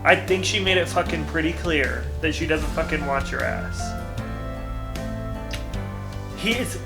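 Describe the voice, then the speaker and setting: A man vlogging about a novel he is reading, excitable and profane, bursting into yells and laughter. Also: fairly high pitch, measured pace, vocal fry, long pauses, echoey room, music in the background. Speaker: book vlogger. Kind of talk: reading vlog reactions.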